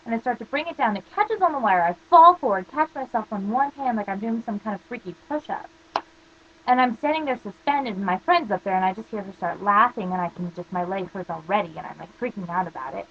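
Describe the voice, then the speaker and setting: A woman's voice: mid-range voice, expressive, brisk, fairly bright tone, dull audio, slight background noise. A teenage girl ranting casually to camera, rambling through stories full of "like" fillers. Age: teens. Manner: rambling storytelling, constant "like" fillers. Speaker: vlogger.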